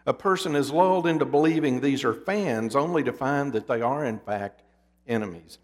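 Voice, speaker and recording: A man preaching a sermon in a deliberate, emphatic storytelling manner, his endings dropping low. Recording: long hall reverb.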